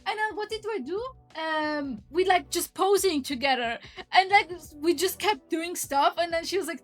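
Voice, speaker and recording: Excitable high-voiced woman streamer. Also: moderate pace, soft background music. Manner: excitable, breaks into high squeals. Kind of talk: casual stream chat over her recap edit.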